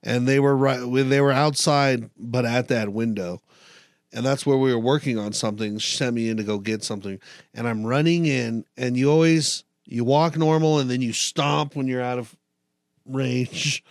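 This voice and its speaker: A man's voice: medium pitch, steady tone, normal speed, no room sound, clean studio sound. Profane storytelling young man. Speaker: podcast co-host. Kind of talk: casual chat.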